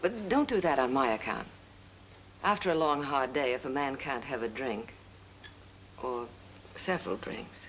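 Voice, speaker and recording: An actress playing a composed young woman asking for help, speaking in a polite, cool and measured 1940s film style. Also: extremely low pitch, animated, fairly bright tone, slight background noise, heavily acted, rough recording.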